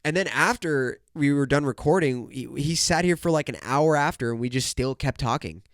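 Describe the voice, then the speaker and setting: A man's voice: a little high, moderate pace, no room sound, clean studio sound. A young man hosting his own podcast, rambling casually, swearing often and saying dude and bro. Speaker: podcast host. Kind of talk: casual solo podcast talk.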